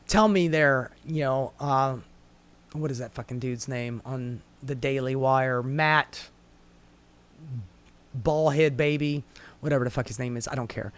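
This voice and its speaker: A man's voice: mid-range voice, measured pace, pauses often, clean tone. A man giving heated, sarcastic commentary on a news story, swearing freely and mocking the people involved. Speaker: commentary host.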